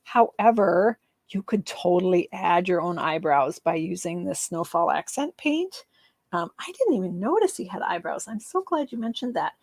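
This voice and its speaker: A woman's voice: lowish voice, expressive, moderate pace, a little mellow, no room sound. A woman demonstrating card making in a casual live craft session, chatty and rambling, with frequent ums and laughs at her own slips.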